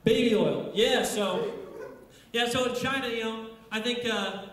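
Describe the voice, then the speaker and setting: Man, stand-up comic, crude rambling deadpan delivery, fairly high voice, heavy bar-room echo. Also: measured pace, a little hiss or hum. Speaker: stand-up comedian. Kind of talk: stand-up set. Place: bar stage at open mic night.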